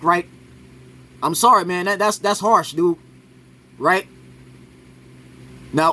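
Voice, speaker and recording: Male reaction commentator, high bright voice, argumentative, peppers lines with "right?". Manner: argumentative, keeps adding "right?". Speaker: commentator reacting to a sports clip.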